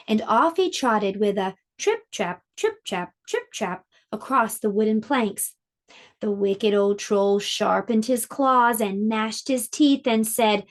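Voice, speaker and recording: Sing-song, slow preschool teacher woman. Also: medium pitch, expressive. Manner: sing-song and slow, explaining to small children. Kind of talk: preschool lesson and storybook reading.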